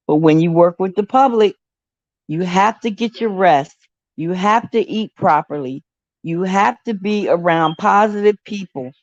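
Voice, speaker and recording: A woman's voice: mid-range voice, a little mellow, no room sound. A woman chatting casually on a live stream, greeting viewers by name. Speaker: livestream host. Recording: dull, slightly lo-fi sound.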